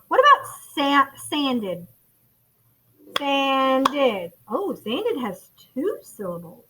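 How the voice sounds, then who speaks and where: In this rough recording of a classroom lesson, a high-pitched woman from the United States teaches first graders phonics in a bright, forceful tone. She is encouraging and refers to the kids as friends.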